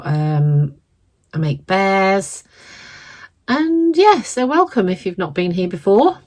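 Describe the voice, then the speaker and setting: A middle-aged woman, croaky from a cold, chatting casually while she crafts at home and clearing her throat often. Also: medium pitch. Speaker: crafting channel host.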